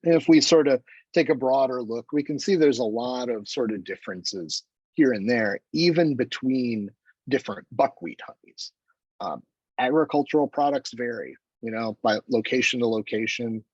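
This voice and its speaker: Husky-voiced man giving a chemistry seminar. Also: mid-range voice, moderate pace, dry recording, lo-fi sound. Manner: relaxed, conversational, with self-deprecating asides and fillers. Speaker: chemistry lecturer. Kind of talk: academic seminar talk.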